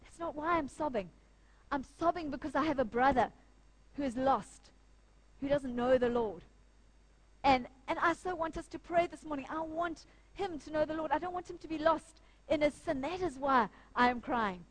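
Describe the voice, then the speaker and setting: Tearful young servant girl pleading, a woman voicing her in a sermon, slightly high. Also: normal speed, lightly acted, rough recording.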